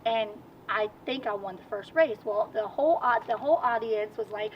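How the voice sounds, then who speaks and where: A woman with a Virginian accent, a guest in a casual outdoor interview, telling stories in an animated, chatty way. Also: on the high side, normal speed. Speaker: guest, amateur racer. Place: outdoors at a car show. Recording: distant mic, dull sound, faint noise.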